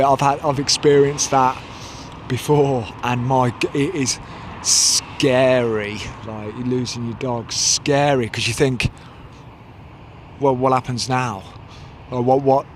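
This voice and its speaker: Male vlogger, mid-pitched, loose rambling chat, slight background noise. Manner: rambling, chatty, self-correcting. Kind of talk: casual vlog chat. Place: outdoors, then inside a parked van.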